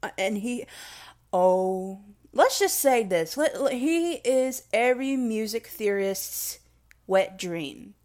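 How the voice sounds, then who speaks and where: A woman's voice: on the high side, lively intonation, slow pace, a little mellow. A young woman rambling casually and emotionally in a vlog, self-deprecating and swearing freely. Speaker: vlogger.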